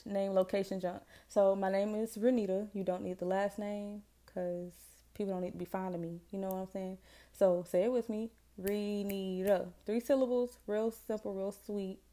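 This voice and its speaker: With a mellow, medium-pitched voice, this twenty-something podcast host from Jacksonville, Florida, talks casually on her own show. Her Southern-accented chat rambles, leans on slang and pokes fun at herself.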